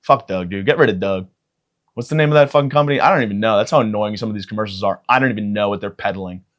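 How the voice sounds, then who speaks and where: A man's voice: fairly low pitch, very fast, a bit bright. Profane rambling podcast man. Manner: profane, self-mocking, riffing. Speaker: podcast host. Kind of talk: rambling comedic monologue.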